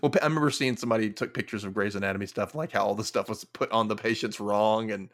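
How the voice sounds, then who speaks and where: A young man hosting a podcast, casually recapping an episode with animated storytelling and wry quoted asides. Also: lowish voice, fast talker. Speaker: podcast host.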